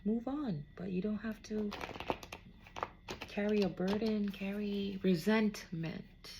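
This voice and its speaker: At medium pitch and a slow pace, a woman gives a laid-back spiritual card reading over background noise. She addresses an unseen "somebody" in a reassuring way, checking in again and again with "okay?"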